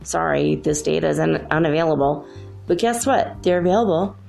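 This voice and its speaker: Soft music plays behind a spiritual channel host talking casually on her own from her room at home. She is bubbly and chatty, full of "like"s, and her low, gravelly, darkish voice runs a little fast.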